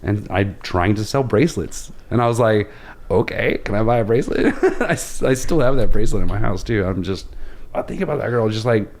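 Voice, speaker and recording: A man in his thirties from Oklahoma tells a long travel story in a loose, rambling way and pokes fun at himself. His voice sits fairly low and has a steady gravelly fry. He talks as a podcast guest in relaxed conversation. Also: a little fast. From Oklahoma, USA. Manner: rambling, self-deprecating anecdotes. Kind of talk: casual storytelling.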